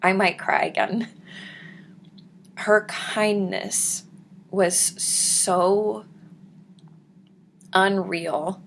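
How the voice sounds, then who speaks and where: Slow, gravelly-voiced woman vlogger. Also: medium pitch, fairly even intonation, a little hiss or hum. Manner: earnest, emotional, soft-spoken. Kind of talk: casual storytelling to camera.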